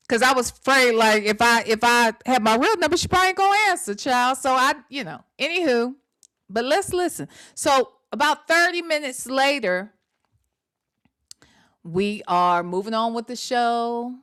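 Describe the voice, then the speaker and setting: With a high-pitched, slightly bright voice, this livestream host talks to her viewers in a chatty way. She's full of slang, says "y'all" a lot, and swears freely.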